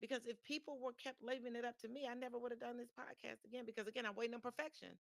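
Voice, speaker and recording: A woman's voice: on the high side, steady tone, very fast, creaky, dry recording, studio quality. Chatty woman hosting a motivational podcast. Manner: chatty, repeats phrases, frequent restarts. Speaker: podcast host. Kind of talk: motivational live-stream monologue. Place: home live stream.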